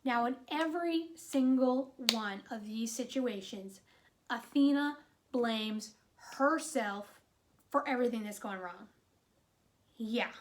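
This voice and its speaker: Chatty higher-voiced woman reviewing a movie. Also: takes it slowly, slight background noise. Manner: animated retelling, exasperated asides, frequent "like".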